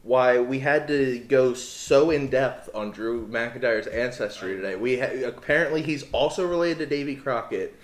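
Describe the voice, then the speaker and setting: A man's voice: medium pitch, steady tone, normal speed, hardly any pauses, roomy sound. A man co-hosting a podcast, recapping a wrestling show in blunt, sarcastic casual chat. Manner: sarcastic, blunt storyteller, swears. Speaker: podcast co-host.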